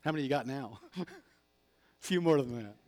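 A man preaching a sermon as a pastor, animated, acting out prayers and replies. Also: mid-range voice, moderate pace.

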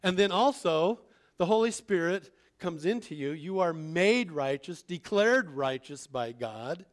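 A man with a slightly high voice gives a Bible lesson in a relaxed, conversational sermon. He asks the listeners questions and acts out the people in the story. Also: unhurried. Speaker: Bible teacher. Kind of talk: informal sermon.

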